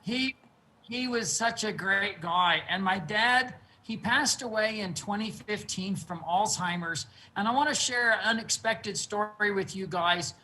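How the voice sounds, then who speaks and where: A man's voice: sits high, sharp tone, low-quality recording. Earnest man telling stories over a video call. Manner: earnest, unhurried storyteller. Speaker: guest quilt artist. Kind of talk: casual storytelling interview. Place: his quilting studio.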